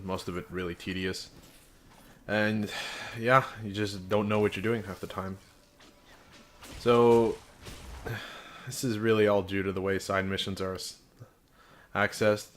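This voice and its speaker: A man's voice: low voice, fairly bright tone, a little hiss or hum. A man giving a casual, frank video game review, with sarcastic asides and dry jokes.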